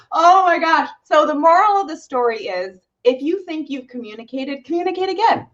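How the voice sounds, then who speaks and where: A woman's voice: high-pitched, animated, normal speed, fairly bright tone, dull audio. A young woman co-host telling a dramatic story in casual chat, with gasps and laughs.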